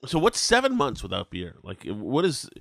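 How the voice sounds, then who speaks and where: A man's voice: medium pitch, huge pitch swings, moderate pace, vocal fry, a bit bright, no echo. Man with a cold, dry-miked podcast host. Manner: wry, probing questions. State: has a cold. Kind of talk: casual chat.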